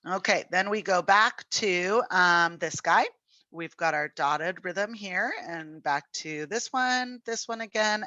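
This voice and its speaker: Woman music teacher, chatty, encouraging, counts beats aloud, lowish voice, dry recording. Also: sharp tone, no room sound. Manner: counts aloud and sings rhythms on "da". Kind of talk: online lesson.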